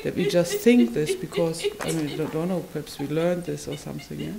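A woman's voice: low-pitched, lively intonation, gravelly, a crowd in the background, poor audio. Woman recounting, peppered with "yeah?". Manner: halting, frequently adds a questioning "yeah?"; wondering, marvelling delivery. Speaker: community member sharing an experience. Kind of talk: personal recollection in conversation.

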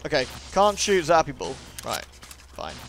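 A man's voice: a little high, sing-song, measured pace, creaky, a little hiss or hum. A young man giving casual, jokey let's-play commentary, swearing and chatting to the game character. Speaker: gaming YouTuber.

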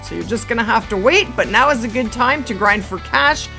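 A woman narrates her hunting game session with a bright, keen voice that sits a little high. She explains things steadily but gets excitable and squeals when the action turns tense. Soft game music plays faintly under her. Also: fairly quick, gravelly. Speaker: gaming YouTuber. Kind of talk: game commentary.

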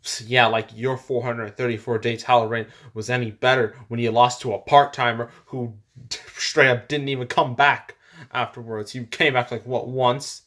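A man doing a blunt male wrestler in a fan-made parody. He mocks and lectures his rival in a mid-pitched voice near his natural one. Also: flat delivery, normal speed, a bit bright, natural voice. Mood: mocking. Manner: mocking, lecturing put-downs. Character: defiant male pro wrestler, mocking and blunt.

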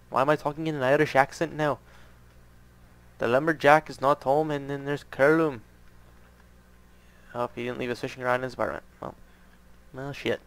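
A man's voice: medium pitch, fairly even intonation, moderate pace, long pauses, fairly bright tone, clean tone. A man casually commenting as he plays through an adventure map, joking and reading signs aloud. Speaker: gaming channel host.

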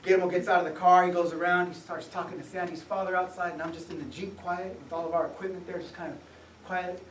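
A high-voiced man tells his story to a live audience with lively laughs, acting out each person he met. He is recorded from across an echoey room. A faint hum sits under the talk. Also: fast talker. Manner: animated, laughing storyteller who acts out the people in his story. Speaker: author giving a public talk. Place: museum event space. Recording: echoey room, mic from far off.

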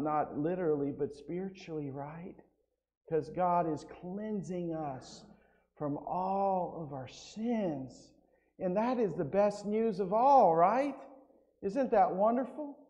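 A pastor delivers an evangelistic sermon in a church sanctuary, weaving in stories and frequent "right?" asides. His fairly high voice is mellow with vocal fry, the highs are cut off, and a long hall reverb fills the recording.

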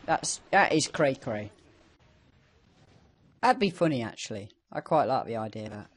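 A man's voice: mid-range voice, sing-song, normal speed, husky. A man hosting a co-op gaming video, joking through casual, playful banter while he plays. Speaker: host.

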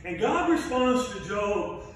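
A male pastor preaching a sermon, retelling a story in a relaxed, conversational way with touches of humor. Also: high voice, takes it slowly, slight background noise. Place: church sanctuary. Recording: very echoey room, mic at a distance.

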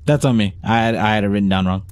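A man's voice: on the low side, fast, faint music behind. A man giving let's play commentary, muttering and swearing as he coaxes an on-screen dog along. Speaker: gameplay streamer.

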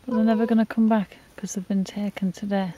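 A woman's voice: medium pitch, fairly even intonation, fairly quick, dark tone, slight background noise. A woman filming outdoors on a farm, speaking in an upset, apologetic way to a mother sheep, with sheep bleating behind her. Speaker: animal sanctuary owner. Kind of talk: emotional outdoor vlog.

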